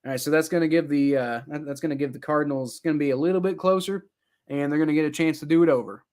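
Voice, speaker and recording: A young man giving casual live play-by-play reaction to a football game, rambling with many fillers and getting loud and exasperated at times. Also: fairly high pitch, steady tone, fast talker. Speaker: sports reaction streamer.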